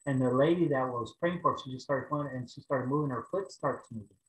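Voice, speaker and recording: Guy preaching on a video call, storytelling, gets loud at times, echoey room. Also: mid-range voice, fast. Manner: animated storytelling, rising to loud exclaims when acting out prayers. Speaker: pastor. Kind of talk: sermon over a video call.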